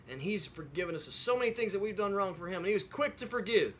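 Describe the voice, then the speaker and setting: A man's voice: high voice, animated, fast, hardly any pauses, a little hiss or hum. A man telling a folksy story in a casual, rambling way with many fillers, then closing with an earnest preaching tone. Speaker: video host telling a devotional story. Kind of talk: casual storytelling with a sermon close.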